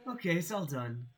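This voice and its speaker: A man reading a game aloud while voicing a brash, hot-headed female fish warrior captain in a loud, blunt way. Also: on the high side, slightly rough, pitched above the performer's own voice, heavily acted, poor audio. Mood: pushy. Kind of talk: reading game dialogue aloud on a live stream.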